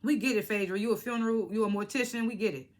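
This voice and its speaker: A young woman vlogging a casual reality TV recap, animated and slangy, laughing as she acts out what the cast said. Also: medium pitch, fast talker. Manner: animated, laughing, slangy retelling with acted-out quotes. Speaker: reality TV reviewer.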